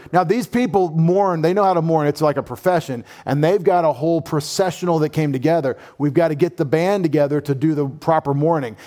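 Man, pastor, sermon, animated, humorous asides, fairly high voice.

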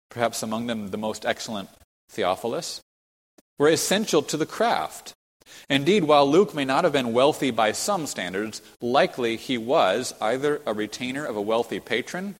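A man teaching a Bible lesson as a sermon, explaining the passage step by step, reading quotes aloud and pointing to a map. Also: medium pitch. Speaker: preacher teaching a Bible study. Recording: long hall reverb.

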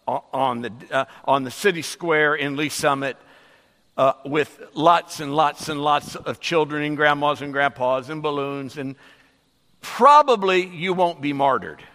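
A man's voice: medium pitch, bright, forceful tone, in a large hall. A middle-aged man preaching a sermon emphatically, with many hesitant fillers. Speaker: pastor. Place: church sanctuary.

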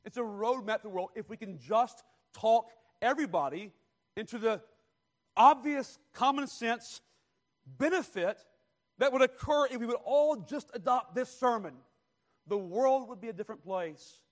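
Male pastor, fairly high voice, sermon delivery, drawn-out stressed words, loud and soft turns. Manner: preaching with slow, stressed phrases and wide swings in loudness.

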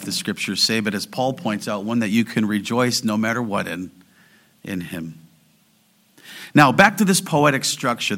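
A male pastor delivering a sermon with a bright, forward voice. He sinks into quiet, low asides, then climbs into raised, drawn-out declarations, and he reads scripture at a slow, deliberate pace. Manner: quotes scripture slowly and deliberately.

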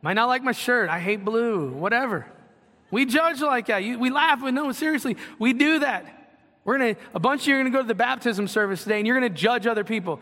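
A man's voice: very high-pitched, quick pace, pushed and bright. A man preaching a sermon in a church, earnest and conversational, often repeating his phrases for emphasis. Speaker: pastor. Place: church sanctuary. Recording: long hall reverb.

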